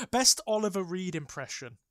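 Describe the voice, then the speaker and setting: A man's voice: sits high, fairly bright tone, no echo. Dry-voiced man, wry asides. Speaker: podcast co-host. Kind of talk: casual chat.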